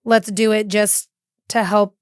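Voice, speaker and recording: A woman's voice: medium pitch, flat delivery, slow, clean tone, no room sound, clean studio sound. A woman in her thirties, a podcast guest talking earnestly and agreeably about family life. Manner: earnest, agreeable, frequent "yeah". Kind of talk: casual interview chat.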